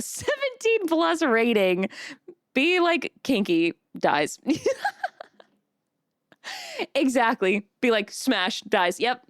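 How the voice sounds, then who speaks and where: A woman's voice: a little high, no echo, studio quality. A woman streamer chatting casually with her live chat, bubbly, reading messages aloud and laughing often.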